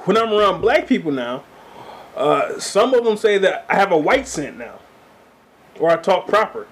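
A man's voice: high-pitched, very animated, moderate pace. A man co-hosting a loose, joking casual chat. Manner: loose and joking, slips into impressions.

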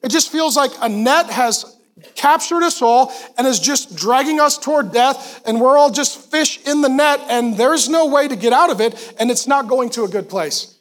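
A pastor preaching a sermon to a congregation in a church, animated and emphatic, with quick asides to the crowd. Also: male voice, very high voice. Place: church auditorium before a congregation.

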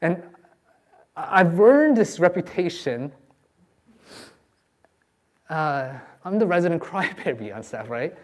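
A man's voice: on the high side, sing-song, slow pace, pauses often. A man preaching a sermon as a pastor, earnest and pleading with his listeners.

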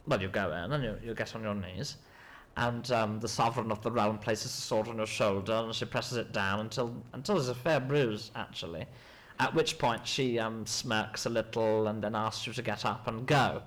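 A man, an actor in a mock interview, rambling and hesitant with a deadpan delivery. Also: on the low side, normal speed.

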